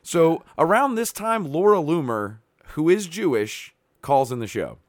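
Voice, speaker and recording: A man's voice: fairly high pitch, expressive, unhurried, no echo, studio quality. A man hosting a podcast, recapping clips in casual, sarcastic, profane commentary. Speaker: podcast host.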